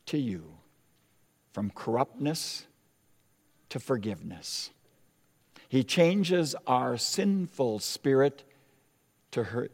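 A man preaching a sermon as pastor, in an emphatic, deliberate style with dramatic pauses. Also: mid-range voice, a little mellow. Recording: long hall reverb.

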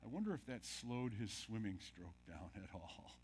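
A man preaching a sermon as a pastor, dropping to hushed tones and then building loud, and asking the congregation questions. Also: on the low side, big pitch swings, moderate pace, slight background noise. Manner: dramatic, drops to near-whispers then builds loud.

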